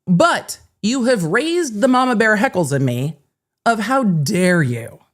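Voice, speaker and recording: A woman host telling a story casually to camera, blunt and animated, swearing freely and acting out both sides of the conversation. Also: mid-range voice, takes it slowly. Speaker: host and lawyer.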